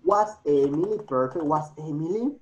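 On a dull, lo-fi recording, a man with a slightly high, darkish voice speaks animatedly at a moderate pace. He's a teacher with a Latin American Spanish accent for whom English is a second language, and he leads his students through grammar by repeating answers, coaxing them along, and lapsing into Spanish.

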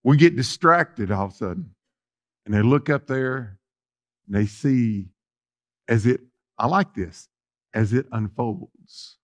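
Speaking straight to his congregation, this male pastor delivers a homespun sermon that shifts from booming emphasis to quiet asides. His mid-range voice moves slowly, with long pauses.

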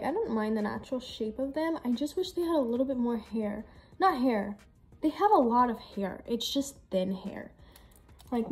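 A woman's voice: high voice, a little mellow. A young woman chatting casually to the camera while doing her makeup and hair, rambling and saying "like" constantly. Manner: chatty and rambling, heavy use of "like". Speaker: vlogger. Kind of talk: casual get-ready-with-me chat.

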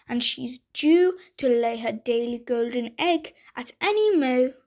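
A woman voicing a huge, greedy male giant in a bedtime storybook, with slow, booming, demanding speech. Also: level tone. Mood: bellowing.

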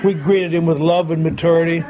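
A man's voice: on the high side, level tone, a little fast. Older man telling a wry folksy story. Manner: folksy, wry, with quoted dialogue. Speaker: speaker at a recovery convention. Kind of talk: storytelling talk to an audience. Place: large convention hall. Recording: dull lo-fi tape with faint hiss.

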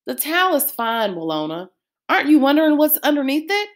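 A woman's voice: high-pitched, sing-song, brisk, voice pushed up. A woman doing a showman dad's salesman patter. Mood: teasing. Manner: mock salesman patter, grandiose. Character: playful showman father, putting on a sales pitch.

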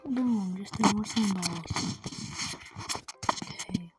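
Slow, half-whispering woman narrating gameplay. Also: medium pitch, soft background music. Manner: soft, half-whispered, rambling self-talk. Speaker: gameplay commentator.

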